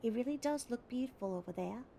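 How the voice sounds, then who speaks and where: Kind Australian woman in her thirties writing a letter, as played by a woman in a put-on Australian accent, earnest and heartfelt, with a very gravelly, creaky voice. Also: on the high side, animated, quick pace, dark tone, slight background noise.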